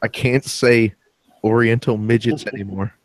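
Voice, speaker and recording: Wry, low-voiced man joking around. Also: steady tone, normal speed, dry recording. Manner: wry, joking, swears casually. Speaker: podcast host. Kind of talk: casual podcast chat.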